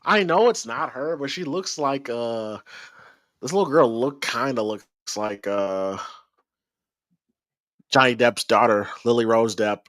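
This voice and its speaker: Male movie-reaction host; bright, animated, quick exclamations, dry close sound. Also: medium pitch, no echo. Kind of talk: casual live movie commentary.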